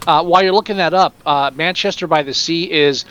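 A man's voice: on the high side, brisk, fairly bright tone, smooth, lo-fi sound. A man co-hosting a casual film chat podcast, wry and teasing. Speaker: podcast co-host.

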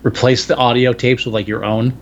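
A man's voice: medium pitch, level tone, fairly quick, lo-fi sound, a little hiss or hum. Blunt dry-witted man. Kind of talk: casual chat.

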